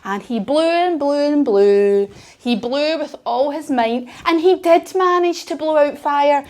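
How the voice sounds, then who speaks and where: A woman's voice: sits high, measured pace, a little mellow. A woman telling a story while leading a children's yoga class, playful and encouraging. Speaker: kids yoga teacher.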